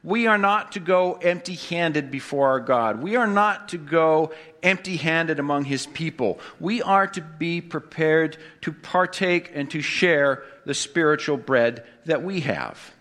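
A male pastor delivers a sermon in a bright, slightly high voice. He quizzes the congregation with questions and slips in wry jokes as he preaches. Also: measured pace, hardly any pauses.

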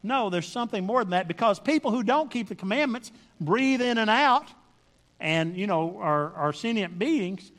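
A man's voice: sits high, lively intonation, moderate pace, fairly bright tone, long reverb tail. A man preaching a sermon, reading scripture aloud and pressing his points with emphatic repetition and questions to the congregation.

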